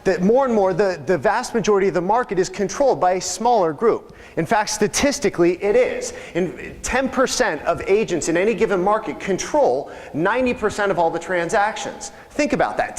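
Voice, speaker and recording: Energetic high-voiced man rallying a crowd. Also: a little fast, hardly any pauses. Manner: energetic, joking, rallying the audience. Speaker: real estate coach and speaker. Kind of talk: live seminar talk to a crowd. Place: large seminar room. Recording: long hall reverb.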